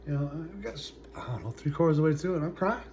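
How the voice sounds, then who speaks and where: A man in his forties telling his own story as a vlogger, halting and full of fillers, his sentences often trailing off quietly. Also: fairly high pitch, animated, a little hiss or hum. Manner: halting, full of "uh" and "you know", trailing off softly. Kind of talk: personal storytelling to camera.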